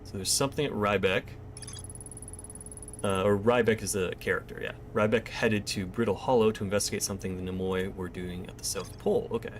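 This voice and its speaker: A fairly low-voiced man streaming a game, talking through what he finds as he goes. He chats easily with viewers and thanks them by name. Faint ambient noise sits behind him. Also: steady tone, fairly quick. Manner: thinks aloud and chats with viewers. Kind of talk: casual gameplay commentary.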